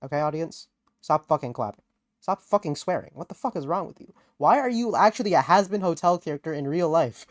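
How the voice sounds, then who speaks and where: Brief: low, animated woman host, sarcastic comic banter, dry close mic. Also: brisk, no echo. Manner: playful, sarcastic, swears freely. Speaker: podcast host. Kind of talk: comedic podcast banter.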